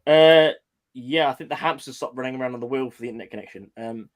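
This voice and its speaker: A man's voice: medium pitch, fast. A man joking and laughing in casual chat on a voice call.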